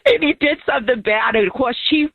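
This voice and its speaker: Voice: sits high, a little fast, creaky, husky, no echo. A caller to a radio show telling a story animatedly, laughing as they talk. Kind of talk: phone-in storytelling. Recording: tinny phone line.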